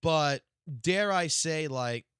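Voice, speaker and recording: Profane, excitable male game streamer. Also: fairly high pitch, takes it slowly, clean tone, no room sound, clean studio sound. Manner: profane, excitable, swings from mutters to loud outbursts. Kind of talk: live stream reaction rant.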